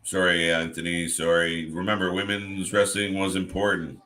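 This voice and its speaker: A man's voice: low-pitched, level tone, normal speed, pushed and bright, slight background noise. A Canadian man co-hosting a live watch party, rambling in casual chat and reading comments aloud.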